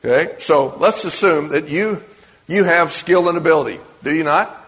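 A man's voice: on the high side, moderate pace, fairly bright tone. A man giving a sermon to a congregation in a conversational way, often asking the audience questions. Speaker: preacher. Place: church or meeting hall with an audience. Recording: long reverb of a large hall.

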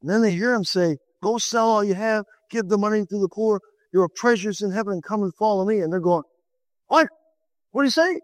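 Fast-talking and steady in tone, this man delivers a sermon in a rough recording with no room sound. Retelling a Bible story, he dramatically shifts his pitch to voice different characters and asks the audience rhetorical questions.

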